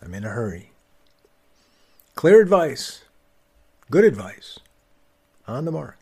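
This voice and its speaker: Wry, husky man telling a story. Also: big pitch swings, slow. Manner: wry, conversational, with emphatic swings in pitch and loudness. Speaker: podcast host. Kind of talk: personal storytelling monologue.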